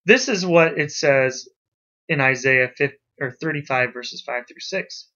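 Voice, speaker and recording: A man teaching a class, talking to students in a lively, emphatic way. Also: mid-range voice, measured pace. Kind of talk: classroom lecture. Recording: dull lo-fi recording.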